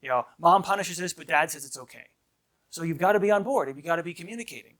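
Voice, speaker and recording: Higher-voiced man giving an informal lecture. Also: animated, fast talker, fairly bright tone. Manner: conversational, often asks "right?"; acts out short quoted lines of kids and parents. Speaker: priest teaching a marriage class.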